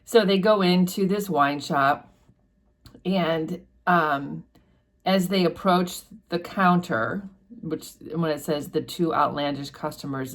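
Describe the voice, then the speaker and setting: Low-voiced woman explaining a classic novel. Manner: chatty, explains with fillers and asides. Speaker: literature teacher reading and explaining a novel. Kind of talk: casual book commentary with read-aloud passages.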